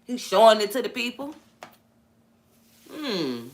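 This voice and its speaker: A woman in a casual vlog, talking emphatically about faith in an animated, preachy way. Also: medium pitch, normal speed. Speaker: vlogger.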